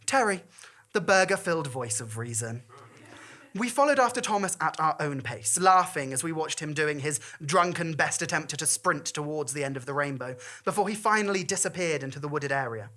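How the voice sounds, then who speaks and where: Animated woman telling a comic story. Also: low-pitched, a little fast. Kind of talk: performed comic monologue.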